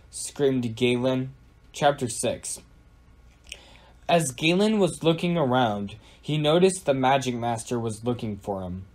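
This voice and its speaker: A man narrating an audio storybook in a plain, even storytelling manner. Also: medium pitch, measured pace.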